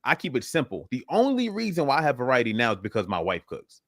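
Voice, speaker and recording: A man's voice: mid-range voice, huge pitch swings, fast talker, fairly bright tone, no echo, studio quality. A man hosting a live fitness Q and A, talking casually and filling his speech with "you know what I'm saying". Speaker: fitness host answering live questions. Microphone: livestream setup.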